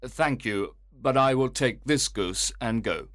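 Man putting on a polite eager gentleman, higher voice, dry close sound, storybook. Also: slow, no echo. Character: polite relieved middle-aged gentleman.

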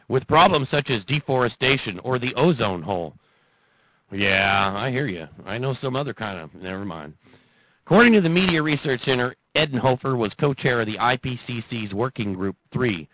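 A man's voice: mid-range voice, lively intonation, a little fast, no echo, highs cut off. A man hosting a political talk radio show, ranting and mocking in a sarcastic monologue.

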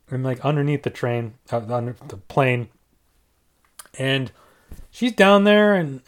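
Man, casual movie reviewer, mid-range voice, rambling and offhand delivery. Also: mid-range voice. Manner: rambling, many fillers and restarts, offhand. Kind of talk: casual movie ranking talk.

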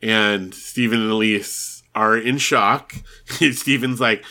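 A man's voice: medium pitch, moderate pace, bright, forceful tone. A man co-hosting a podcast, casually recapping a TV episode, laughing often and acting out the characters' lines. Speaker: podcast co-host.

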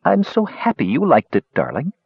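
A man's voice: medium pitch, huge pitch swings, normal speed, husky, no echo. A man voicing a frail old witch woman who dotes tenderly and gushes, in a slightly muffled recording. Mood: doting. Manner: tender, gushing.

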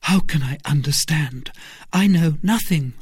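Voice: mid-range voice, unhurried, a little mellow, husky, dry recording, studio quality, pitched above the performer's own voice. A reader voicing an earnest young novice nun in a storybook reading, with a raised, eager character voice. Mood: jealous.

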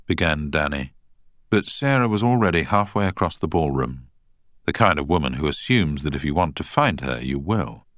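An audiobook narrator with a deep voice reads a novel aloud in scripted narration. His delivery is measured and expressive, recorded at studio quality with no echo.

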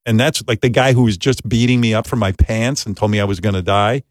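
A man's voice: fairly low pitch, fairly even intonation, fairly quick, no room sound, studio quality. A man hosting a talk show, telling a profane, self-deprecating story in a casual way. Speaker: radio show host.

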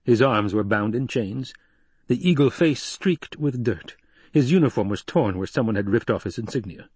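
A man narrating a novel in a steady, measured storytelling voice. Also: mid-range voice, husky, no echo. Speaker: audiobook narrator. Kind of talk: scripted narration.

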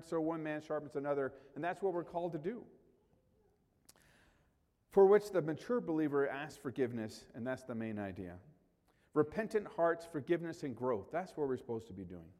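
A man's voice: a little high, a little mellow, big-room sound. A male pastor preaching a sermon in a conversational way, rising sharply for emphasis.

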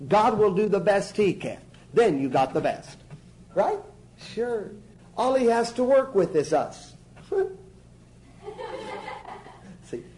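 A man's voice: sits high, dark tone, slight background noise, low-quality recording. A man preacher teaching a church class in an emphatic, folksy way, often checking in with his listeners. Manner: emphatic, folksy, keeps asking "see?".

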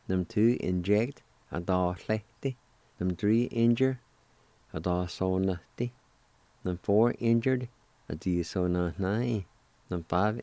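Male language-show host, deep voice, unhurried, patient, encouraging. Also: no echo. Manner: slow, deliberate, spells out syllables; gently encouraging to listeners. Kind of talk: radio language lesson.

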